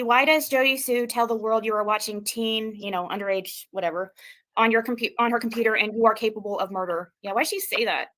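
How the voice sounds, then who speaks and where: A woman's voice: on the high side, a bit bright. A woman asking a stream guest questions in a hesitant manner. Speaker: stream host. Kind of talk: interview questions.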